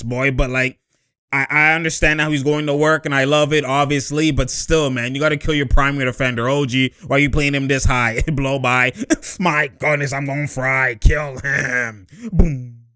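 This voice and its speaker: A man giving excited, slang-heavy commentary over basketball highlights, laughing and hyping plays. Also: moderate pace, dry recording, clean studio sound. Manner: hyped slangy reactions, frequent laughter. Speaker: sports commentator.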